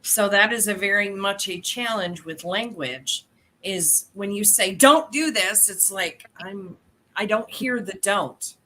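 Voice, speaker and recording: A woman hosts an interview podcast and asks her questions with eager enthusiasm and frequent laughter. Her voice is mid-pitched with a very bright, ringing tone. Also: measured pace. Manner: warmly enthusiastic, laughs often. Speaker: podcast host. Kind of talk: casual interview.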